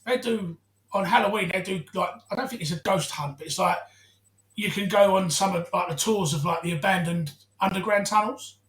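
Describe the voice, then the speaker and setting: A co-host talks quickly in easygoing podcast chat, throwing themselves into every anecdote by acting out the voices. The room around them rings with a noticeable echo. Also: mid-range voice. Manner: animated storyteller who acts out quotes. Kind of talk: casual chat. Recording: echoey room.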